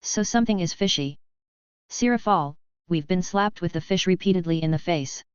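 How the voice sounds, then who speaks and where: A woman voicing a sardonic, weary male fallen angel leader in a dry, deadpan way. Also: fairly low pitch, moderate pace, smooth, dry recording, close to an everyday voice. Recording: dull lo-fi audio.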